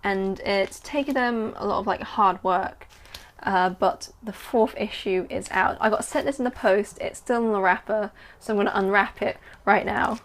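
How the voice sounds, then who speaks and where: A woman, chatting excitedly about her writing and reading aloud from her story. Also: mid-range voice, moderate pace. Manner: excitable, chatty, filler-heavy. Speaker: writer and vlogger. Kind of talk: casual chat and story reading.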